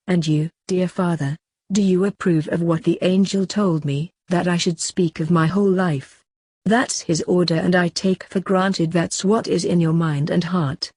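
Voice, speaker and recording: A woman narrating a saint's autobiography as an audiobook, in a calm, earnest and measured reading. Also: lowish voice, no room sound, clean studio sound.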